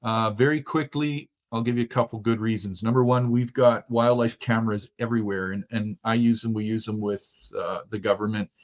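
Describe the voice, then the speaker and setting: A man's voice: on the low side, steady tone, a little fast, hardly any pauses. A middle-aged man from Germany with no accent, a guest in a casual interview, talking in an easygoing, chatty way and laughing easily. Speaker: guest, outdoors expert.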